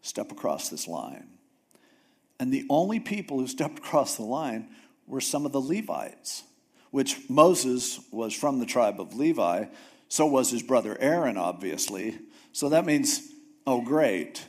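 A man preaching a sermon, retelling a Bible story in a casual, animated way with jokes and acted-out voices. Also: medium pitch, unhurried, husky. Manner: animated storytelling, acts out characters with jokey asides. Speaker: pastor.

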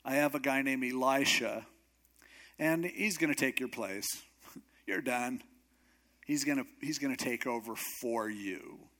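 A man's voice: mid-range voice, unhurried, sharp tone. A man voicing God in a sermon retelling as a blunt, matter-of-fact figure who hands out orders.

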